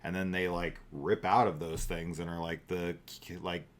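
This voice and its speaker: A middle-aged man co-hosts a casual movie review podcast, his deep voice delivered flatly at a moderate pace. He rambles and thinks aloud, using many fillers.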